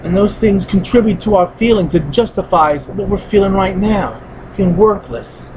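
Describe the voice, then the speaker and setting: Earnest high-voiced man, heavy-hearted monologue. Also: normal speed, noisy background. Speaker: vlogger. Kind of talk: personal spoken monologue.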